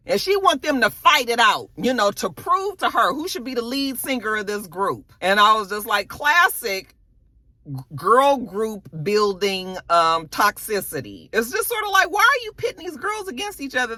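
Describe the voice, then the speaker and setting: A woman's voice: on the high side, very animated, normal speed, bright, forceful tone, dry recording. A woman giving a casual, profane recap of a TV episode, acting out the characters' lines as she goes. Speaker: TV show reviewer.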